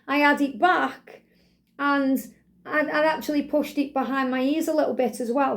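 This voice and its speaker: Woman, middle-aged, high-pitched, chatty, rambling, gushing, casual vlog review. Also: a little mellow. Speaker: wig vlogger.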